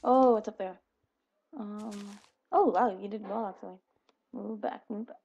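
A woman's voice: mid-range voice, measured pace, a little mellow, breathy edge, highs cut off. A young woman chattering to herself while playing a video game, giggling and exclaiming as things happen. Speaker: gaming video creator. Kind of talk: casual gameplay commentary.

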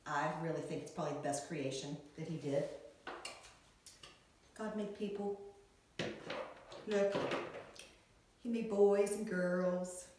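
A middle-aged woman teaching a Sunday school lesson to young children, with an animated, sing-song way of talking. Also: fairly low pitch, takes it slowly, long pauses, background noise. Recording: echoey room, from far off.

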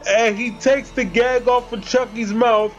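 A man's voice: extremely high pitch, fairly even intonation, unhurried, muffled recording, faint music behind. A man giving a casual, chatty movie review, slangy and talking straight to his viewers. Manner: slangy, chatty, addresses viewers as guys and bro.

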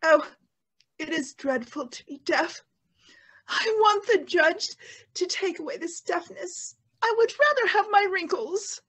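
In a rough recording of an amateur stage reading, a woman with an extremely high, animated, fairly bright voice plays a vain, deaf, self-pitying woman. At a measured pace and in an exaggerated style, she weeps through a pleading lament over her lot, her mood tearful.

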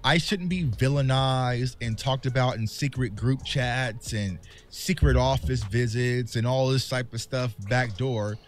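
A man speaks straight to his fans in a heartfelt vlog, candid and impassioned, with a mid-range voice. Soft music plays faintly underneath. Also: medium pitch, a little slow, few pauses. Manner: impassioned, candid, calls viewers "y'all". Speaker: sports content creator. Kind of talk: emotional vlog monologue to fans.

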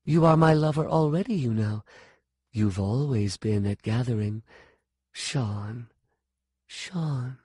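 A man voicing an ageless wild-haired witch who speaks softly, slowly and possessively. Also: medium pitch, husky, dry recording, studio quality. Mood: dreamy. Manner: soft, hushed and slow.

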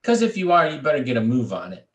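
Man doing a pushy portly conventioneer, hurried, echoey room. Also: medium pitch, sing-song, pitched above the performer's own voice, close to an everyday voice.

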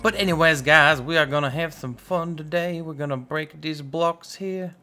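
A young man giving casual, goofy let's-play commentary, chatting excitedly with his viewers. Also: a little high, moderate pace, faint music behind. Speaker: gaming YouTuber.

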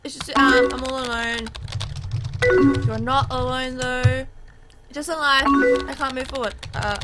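High-voiced woman reading game chat aloud. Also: fairly even intonation, measured pace, pauses often, loud music behind the voice. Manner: reads both sides of a chat aloud, chatty and reactive. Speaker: gaming channel host. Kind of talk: let's play, reading chat messages aloud.

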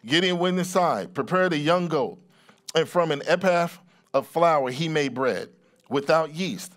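Middle-aged pastor with a higher voice. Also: male voice, unhurried. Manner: conversational, restarts and repeats words while explaining. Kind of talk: sermon, reading and explaining scripture.

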